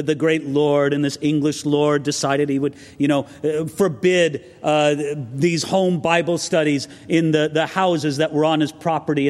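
A male pastor with a notably high voice delivers an earnest expository sermon, breaking into stories and personal asides. His words ring out through a church sanctuary with a long trailing reverb. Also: darkish tone. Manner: earnest, preacherly, storytelling with asides. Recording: long reverb of a large hall.

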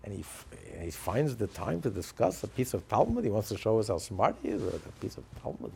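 With a low, creaky voice and a slightly fast pace, a man energetically narrates a story that carries a religious lesson, acting out the characters' lines in an animated way. A little hiss or hum is audible.

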